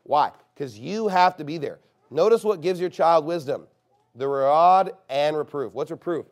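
Male preacher, higher-pitched, forceful sermon delivery, drops low then builds loud, leans hard on key phrases. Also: animated. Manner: slows down and stresses key phrases.

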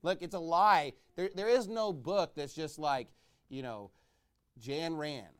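A male pastor preaching a sermon, reading scripture slowly and swinging between loud shouted calls and low quiet asides. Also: clean tone. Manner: reads scripture in slow, drawn-out cadence.

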